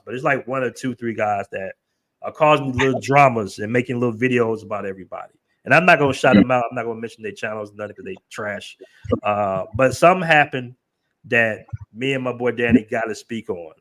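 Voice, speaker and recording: A man's voice: mid-range voice, a bit bright. A man hosting a live show, chatting casually in a loose, rambling, emphatic way. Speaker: host.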